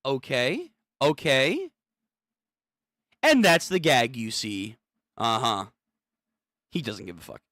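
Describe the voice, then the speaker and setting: A man's voice: mid-range voice, lively intonation, slow, pauses often, a bit bright, no echo, studio quality. A young man hosting a comic read-through, reacting with hyped, slangy chatter and casual swearing.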